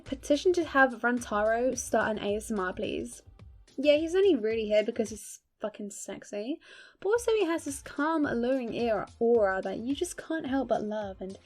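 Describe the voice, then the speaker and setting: Young woman, slightly high pitch, gushing fan commentary, emphatic and swearing, faint music behind. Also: darkish tone. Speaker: video creator.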